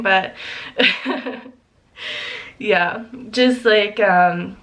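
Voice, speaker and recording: A woman's voice: medium pitch, slow, fairly bright tone. A young woman chats casually and unhurriedly with her viewers, her words strung together with likes and ums. She breaks into small giggles often and sounds a little emotional at times. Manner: giggly, chatty, lots of fillers. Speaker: vlogger. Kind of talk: casual chat.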